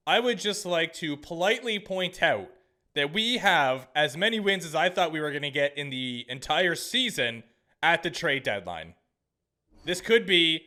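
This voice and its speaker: A man's voice: on the high side, pushed and bright. A young man commentating his own sports video game season, chatty and sarcastic, talking back at the screen. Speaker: gaming commentator. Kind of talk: gameplay commentary.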